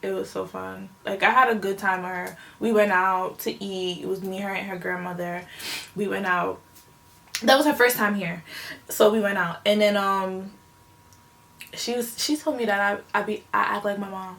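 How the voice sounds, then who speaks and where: A young woman with a gravelly, fry-tinged voice talks through a personal story for her vlog. She rambles and circles back with lots of fillers, and her feelings sit close to the surface. Her pitch stays in a middle range. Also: steady tone, moderate pace, a bit bright. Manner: emotional, rambling with many fillers. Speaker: vlogger.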